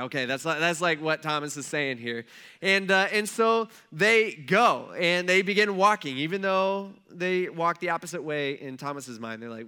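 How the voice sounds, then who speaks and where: A man's voice: on the high side, fairly quick, pushed and bright, smooth. A male pastor giving a casual, conversational sermon, retelling a story and checking in with listeners as he goes.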